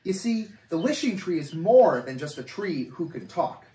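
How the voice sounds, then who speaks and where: Brief: expressive male storyteller, slightly high voice, distant mic in an echoey room. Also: normal speed. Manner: animated, expressive reading. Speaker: camp coordinator reading a story. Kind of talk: storybook read-aloud.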